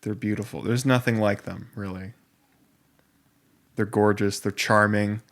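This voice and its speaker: A man's voice: lowish voice, fairly even intonation, creaky. Young male podcast co-host, playful and joking, casual chat. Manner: joking, playful, quick banter.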